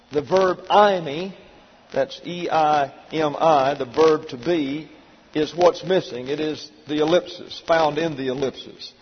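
A man teaching a verse-by-verse Bible lesson, methodically spelling out Greek words letter by letter. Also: fairly high pitch. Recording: dull lo-fi recording in a reverberant hall with faint noise.

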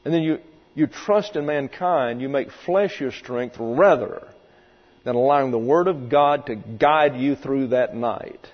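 A pastor with a mid-range voice preaches an expository sermon a little slowly, emphatic and vivid, sometimes acting out the voices in quotes. The recording is dull and lo-fi, made in a reverberant hall with mains hum.

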